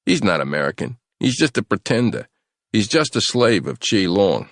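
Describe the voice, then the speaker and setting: A man's voice: lowish voice, very animated, moderate pace, dry recording, clean studio sound, pitched above the performer's own voice. A man voicing an aggressive male soldier playing bad cop, harsh and swaggering. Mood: menacing.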